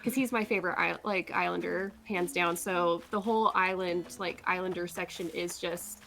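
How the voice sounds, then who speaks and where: A woman's voice: on the low side, steady tone, moderate pace, creaky, fairly bright tone. Chatty woman guest showing off. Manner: chatty, many fillers, playful. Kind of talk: casual chat.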